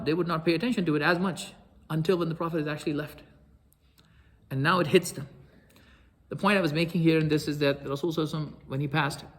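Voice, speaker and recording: A man telling a story in a lecture, animated, acting out quoted speech with sudden loud outbursts. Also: fairly high pitch. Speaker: Islamic lecturer.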